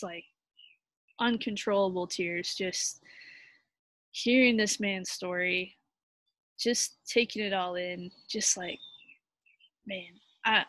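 A young woman telling a personal story in a halting, heartfelt way, full of fillers and restarts, sounding tired. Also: medium pitch, pushed and bright, no room sound. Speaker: vlogger.

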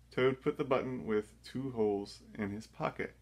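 A man reading a children's story aloud, gentle and measured. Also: mid-range voice. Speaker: storybook reader. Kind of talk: children's read-aloud narration.

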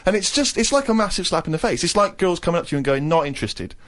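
A man co-hosts a podcast in his thirties, his voice sitting a little high as he spins a comic tale. He acts out other people's lines along the way. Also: rapid-fire. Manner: animated storytelling, acting out other people's lines. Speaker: co-host. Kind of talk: comic anecdote on a radio podcast.

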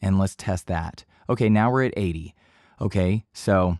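Man, lowish voice, voice-over teacher, chatty and loose, dead-dry home booth. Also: normal speed, no room sound. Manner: relaxed, talkative, repeats himself with fillers. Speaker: voice-over instructor. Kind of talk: casual tutorial explanation. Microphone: studio microphone.

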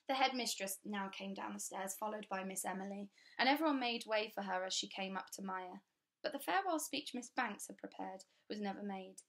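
A woman reading a children's story aloud with clear, steady, expressive storytelling. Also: mid-range voice. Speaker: audiobook reader.

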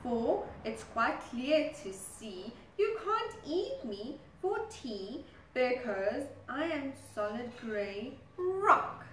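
A woman voicing a sly storybook elephant in a slow, half-whispered, breathy manner, recorded in a roomy space from a distant mic. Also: high-pitched, sing-song, a bit bright, slight background noise, full character voice.

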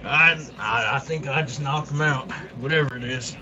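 Guy trash-talking in game chat, muffled audio, loud crowd behind him. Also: mid-range voice, normal speed. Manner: taunting, laughing, cussing. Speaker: player. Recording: muffled mic with crowd noise.

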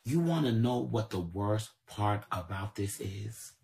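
A livestream commentator rants confrontationally in AAVE, repetitive and profane. His voice is on the low side, animated and a little slow, gravelly with a darkish tone.

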